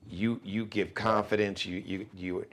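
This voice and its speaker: Slow, deep-voiced man host. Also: steady tone, a bit bright. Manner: measured, affirming, gives encouraging feedback. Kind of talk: casual chat.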